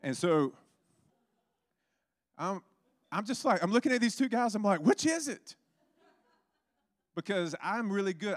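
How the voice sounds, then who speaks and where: A man who pastors a church, telling stories in a sermon, lively and acting out the people in them. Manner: animated, acts out others with big pitch jumps. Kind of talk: sermon storytelling.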